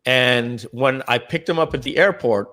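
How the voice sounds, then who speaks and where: A man co-founding a company tells a long story on a live stream in casual talk. He clears his throat often, restarts and repeats words, and acts out what others said. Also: medium pitch, moderate pace. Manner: animated, acts out the dialogue of others.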